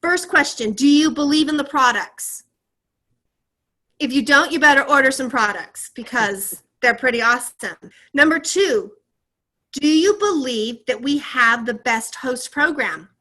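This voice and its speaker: A woman's voice: sits high, a little slow. A woman leading a motivational training on a video call, encouraging her team and asking them questions. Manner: energetic and encouraging, asks the audience questions. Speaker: team leader coaching a sales team.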